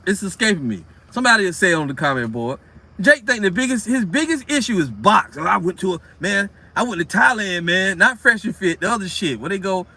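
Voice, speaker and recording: High lively preacher guy, blunt and profane, reads verses then goes off. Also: a little hiss or hum. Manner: blunt and profane, mixes scripture reading with slang; animated, rhetorical questions. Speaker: street preacher. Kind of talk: informal scripture teaching.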